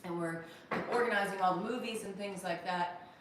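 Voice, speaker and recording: Woman host, casual stream chat, animated and laughing often; mid pitch, echoey room with noise. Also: fairly quick, recorded from a distance. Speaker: livestream host. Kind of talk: casual live-stream chat, reading viewer comments. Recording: echoey room, voice off-mic, noisy.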